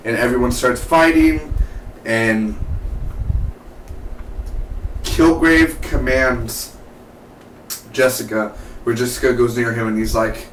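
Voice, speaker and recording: A man giving a casual, excitable spoken review of a TV episode, chatty and full of "man" and "dude". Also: medium pitch, takes it slowly, pauses often. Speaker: TV show reviewer. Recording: echoey room, mic at a distance, faint background hum.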